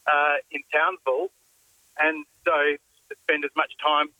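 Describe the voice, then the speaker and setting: A man calling in by phone, telling a story haltingly with many "uh"s. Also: a little high, little pitch movement, sharp tone, dry recording, low-quality recording. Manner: halting, filler-heavy with many "uh"s. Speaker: caller. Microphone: phone line.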